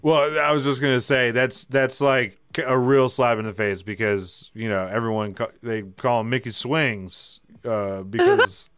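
A man running a tabletop game as game master, his narration loose and full of fillers and chuckles. His voice is crisp and resonant, recorded dry and close. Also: medium pitch, lively intonation, measured pace, few pauses, fairly bright tone, no echo. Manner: rambling, many fillers, laughing asides.

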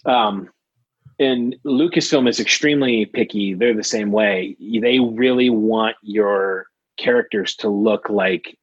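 Man, podcast guest, husky, rambling, dry muffled sound. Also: fairly low pitch, no echo. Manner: rambling, many fillers and restarts. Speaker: guest, trading card artist. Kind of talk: casual podcast interview.

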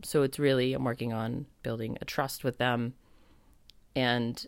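A woman's voice: a bass voice, steady tone, a little slow, vocal fry, no room sound. A woman hosting her podcast, telling a story in a chatty, reflective way full of "like" fillers. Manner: reflective, spiritual. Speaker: podcast host. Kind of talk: casual storytelling monologue.

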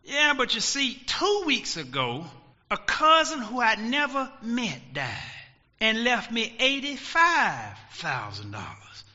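Glum, matter-of-fact man, played by a preacher, high voice; muffled hall recording. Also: wildly swooping pitch, takes it slowly, sharp tone, exaggerated voice. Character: glum man telling of inheritances. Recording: dull recording, long hall echo.

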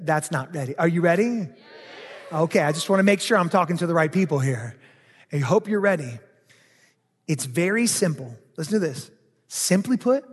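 High-voiced pastor preaching in a reverberant hall. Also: male voice, slightly rough. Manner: conversational preaching, asks the congregation questions, acts out their inner voices. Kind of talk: sermon. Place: church sanctuary.

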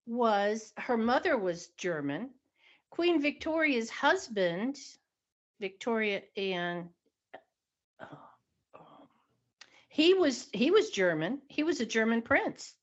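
A woman's voice: a little high, very animated, takes it slowly, long pauses. A woman chatting casually as a podcast co-host, hesitant and searching for words. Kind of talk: casual chat. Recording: dull lo-fi sound.

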